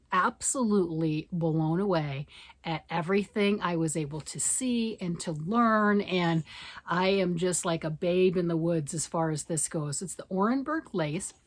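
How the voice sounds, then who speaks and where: A woman's voice: fairly low pitch, moderate pace. A middle-aged American woman chatting enthusiastically to camera in a knitting vlog, with lots of fillers and restarts. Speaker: knitting vlogger. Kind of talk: casual chat to camera.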